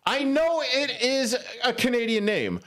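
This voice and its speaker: A man's voice: extremely high pitch, very animated, unhurried, crowd noise. A man co-hosting a local radio show, chatting about sports in a rambling, joking way from a studio mic. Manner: rambling, self-correcting, jokey. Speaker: radio co-host. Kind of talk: casual sports talk on radio.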